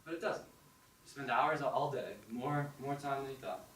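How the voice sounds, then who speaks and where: Young male open mic storyteller, animated, acts out inner voices; distant mic in a reverberant hall. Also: mid-range voice, normal speed, a little hiss or hum. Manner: animated second-person narration with acted-out inner voices. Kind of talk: spoken storytelling on stage. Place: performance hall with audience. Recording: echoey hall, distant mic, faint ambience.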